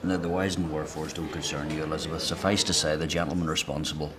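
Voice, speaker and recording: A man's voice: extremely low pitch, steady tone, fast talker, a crowd in the background. An actor playing a guarded, sardonic man in prison. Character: man in prison, gruff and defensive.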